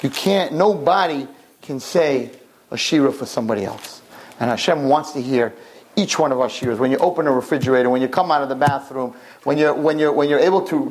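A man's voice: on the high side, darkish tone, rough recording. A man giving a sermon to a room of girls, telling a story dramatically with emphatic repetition. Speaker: religious teacher addressing girls.

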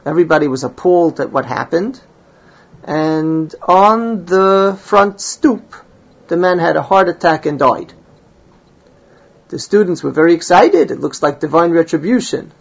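Man teaching Talmud, husky and lo-fi. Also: fairly high pitch, animated, measured pace. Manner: reads Hebrew and Aramaic phrases, then explains them in English. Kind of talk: Talmud class, translating and explaining.

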